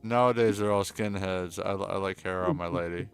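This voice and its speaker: A man's voice: sits low, steady tone, normal speed, faint music behind. A man hosting a casual joking podcast, stammering and flustered as he talks. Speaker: podcast host.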